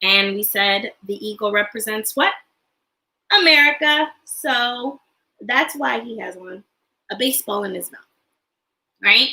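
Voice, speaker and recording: A woman's voice: a little high, unhurried, long pauses, pushed and bright, reverberant, poor audio. A woman teacher leading a livestreamed class for young children, cheerful and sing-song, asking call-and-response questions. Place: home, online class livestream. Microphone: computer or phone mic on a livestream.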